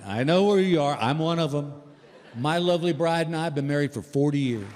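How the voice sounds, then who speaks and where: A man's voice: fairly high pitch, brisk, a little mellow, a little hiss or hum. A man, telling stand-up stories in a folksy way and acting out both sides of the dialogue. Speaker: stand-up comedian. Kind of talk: stand-up comedy set. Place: large theater with audience. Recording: live theater hall with reverb.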